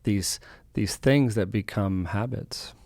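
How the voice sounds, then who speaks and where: A man co-hosting a casual podcast conversation, reflecting on ideas and chuckling softly between his points. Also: lowish voice, slow pace, no echo. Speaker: podcast co-host.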